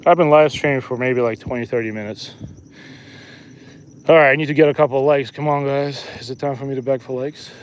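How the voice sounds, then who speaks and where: A man's voice: mid-range voice, steady tone, fairly quick, clear, resonant tone. A man in his thirties chatting and joking casually to viewers while he live-streams a fishing trip outdoors. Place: outdoors by a lake.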